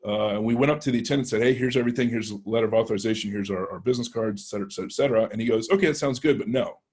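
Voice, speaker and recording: A man tells a story in a relaxed, conversational way, with lots of restarts. His voice sits low and has a husky, slightly breathy edge. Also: rapid-fire. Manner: conversational, with many restarts and acted-out quotes. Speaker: penetration tester. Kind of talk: casual storytelling talk.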